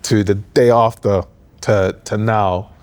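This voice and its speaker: A man's voice: lowish voice, slow. Laid-back young man. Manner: relaxed, rambling, filler-heavy storytelling. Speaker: podcast co-host, new father. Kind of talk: casual chat.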